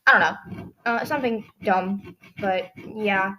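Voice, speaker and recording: A teenage girl talks through her solo podcast in a loose, rambling way, leaning on "like" constantly. Her throat sounds a little dry and scratchy, and her voice sits at an ordinary middle pitch. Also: slow, pushed and bright. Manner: chatty, rambling, heavy use of "like". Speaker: podcast host. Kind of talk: casual solo podcast chat.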